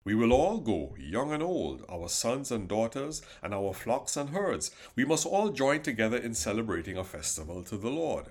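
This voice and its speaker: A man's voice: medium pitch, sing-song, normal speed, hardly any pauses, a little mellow. Moses, a man voicing a firm prophet. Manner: firm, insistent. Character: determined male prophet, older leader.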